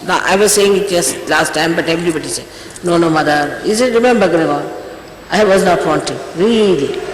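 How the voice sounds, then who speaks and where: An older woman, a spiritual teacher, giving an emphatic, scolding talk to her followers before a ceremony, often repeating herself. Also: fairly low pitch. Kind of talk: informal exhortation before a ceremony. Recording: echoey hall, faint hiss, old tape.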